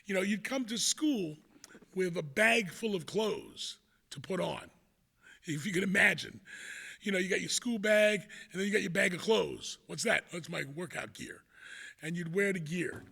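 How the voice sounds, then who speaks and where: A man's voice: sits high, animated, moderate pace, vocal fry, pushed and bright, husky. A man in his sixties with a New York accent tells an old school story in a casual, rambling way, with lots of "you know" asides. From New York City, the Bronx.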